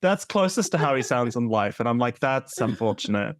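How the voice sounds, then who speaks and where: A man co-hosting a podcast in casual chat, animated and opinionated, laughing often and repeating himself. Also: medium pitch, fairly quick, no echo, clean studio sound. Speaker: podcast co-host.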